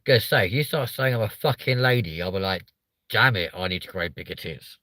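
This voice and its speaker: A man's voice: lowish voice, animated, brisk, pushed and bright, no room sound. A young man hosting a live stream, chatting with viewers in a sweary, joking, rambling way. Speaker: live show host.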